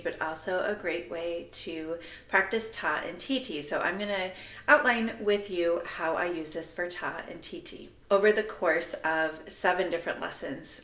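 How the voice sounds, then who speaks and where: A woman's voice: lowish voice, a bit bright, roomy sound. A woman music teacher explaining a classroom lesson step by step in an upbeat, instructional way. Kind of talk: instructional video.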